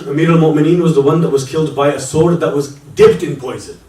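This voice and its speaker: A man delivering an impassioned Muharram sermon, his voice pitched a little high. He tells the story with rising fervour and swells into lament. The sound comes from a distance and rings around a roomy hall. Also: fairly even intonation, fast talker, mellow. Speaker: preacher.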